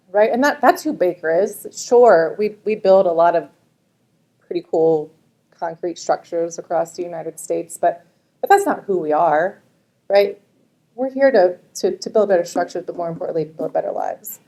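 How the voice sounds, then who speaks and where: A woman's voice: on the low side, warm tone. A middle-aged woman executive giving a keynote talk to an audience, conversational, with many restarts and tag questions. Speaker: executive speaker.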